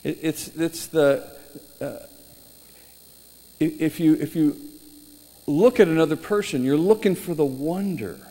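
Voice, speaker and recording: A male preacher telling stories in a sermon, animated, with halting restarts. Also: fairly high pitch. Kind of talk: sermon storytelling. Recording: reverberant hall, faint noise.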